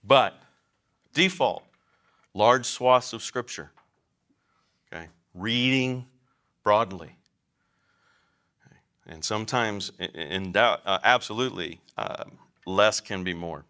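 Male counseling teacher, lower register with a bright edge. Emphatic, chatty classroom lecture. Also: slow, pauses often. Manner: emphatic, conversational, asks the class questions.

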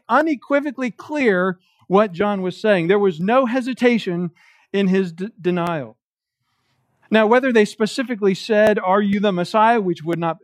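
A man preaching an expository sermon as pastor, slowing down to stress quoted scripture. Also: high-pitched, no echo. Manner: emphatic preaching with slow, stressed quotations of scripture. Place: church.

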